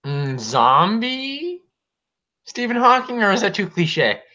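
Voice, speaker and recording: A man with a bright, fairly high voice hosts a casual podcast, trading crude, profane jokes. His mic sounds muffled and lo-fi. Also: big pitch swings, slow. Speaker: podcast host.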